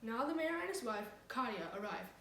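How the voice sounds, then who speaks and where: A woman's voice: on the high side, a little fast, a little hiss or hum. Woman reading a story from across an echoey room. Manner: lively, switching voices for characters. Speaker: reader. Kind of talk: reading a comic short story aloud. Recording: echoey room, far from the mic.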